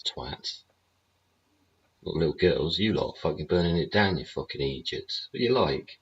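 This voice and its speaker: A man with a very deep, rough, husky voice rants bluntly through a show, swearing constantly and sneering with sarcasm. The sound is muffled and lo-fi, like a cheap stream mic. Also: animated, normal speed. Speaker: show host. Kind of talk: ranting livestream commentary. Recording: dull lo-fi audio.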